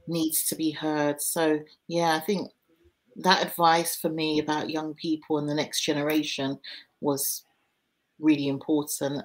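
Earnest woman guest, low voice, reflective. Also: rough recording. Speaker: podcast guest. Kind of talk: conversational interview.

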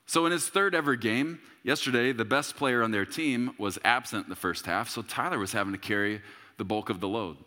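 A man in his thirties preaching a sermon as a pastor, telling a story with humor and bursts of shouting. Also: mid-range voice, brisk, long reverb tail.

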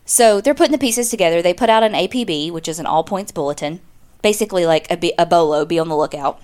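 A woman's voice: lowish voice, fast, a little mellow. A woman, casually telling a true-crime story as a podcast co-host, chatty and full of "like.". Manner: chatty, lots of "like", acts out quotes.

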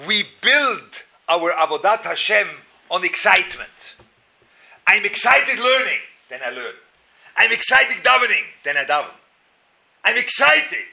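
A man teaching a Torah class to an audience, speaking emphatically and acting out inner voices, with Hebrew and Yiddish terms in his English. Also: sharp tone. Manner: emphatic, acts out inner voices with rising and falling pitch; talks directly to the audience with asides and questions. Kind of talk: spoken Torah lecture to an audience.

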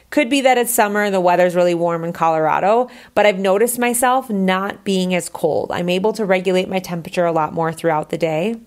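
A woman hosting her own podcast, talking casually and candidly, with lots of "like" fillers. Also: fairly low pitch. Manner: chatty, candid, says "like" a lot. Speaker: podcast host.

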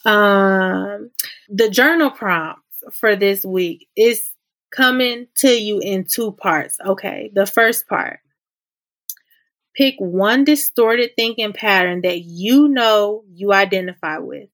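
A woman hosts a faith-based self-help podcast in a relaxed, conversational voice. She is encouraging and likes to repeat her main points so listeners can follow along. Her pitch sits in an ordinary middle range. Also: slow pace. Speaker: podcast host.

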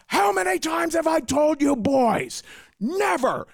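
Furious bully coach screaming at kids, pitched way up and gravelly, as a male storyteller puts him on. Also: big pitch swings, slow, full character voice. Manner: shouting, furious ranting.

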